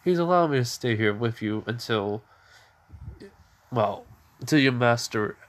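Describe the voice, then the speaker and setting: A man's voice: medium pitch, lively intonation, a little slow, close to an everyday voice. A man voicing a blunt young male alchemist who mentors a boy in a fan story, calling him kid. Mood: matter-of-fact.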